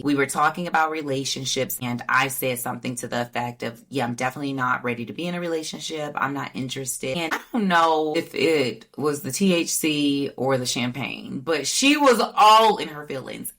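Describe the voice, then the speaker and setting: A woman with a low voice hosts a podcast and tells a personal story in a relaxed, candid way. She jumps into high, mocking voices when she quotes people, then drops back to her own deep tone. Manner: candid, animated retelling with mock-quoted voices. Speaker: podcast host. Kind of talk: casual storytelling monologue.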